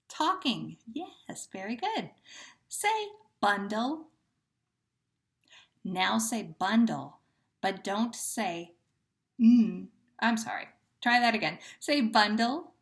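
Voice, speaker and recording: A woman's voice: medium pitch, creaky, fairly bright tone. A woman teacher leading a phonemic awareness drill, patient and carefully enunciating each syllable.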